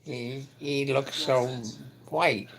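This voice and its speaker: A sleepy man giving quiet, terse, mumbled replies. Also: mid-range voice, fairly even intonation, very slow.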